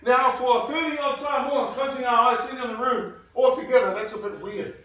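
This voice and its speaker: A man's voice: extremely high pitch, steady tone, brisk, fairly bright tone, recorded from a distance. A man in his fifties, a former rugby player, giving an earnest motivational speech to students in a large hall. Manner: earnest storytelling, grows emotional. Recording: very echoey hall, heard from afar.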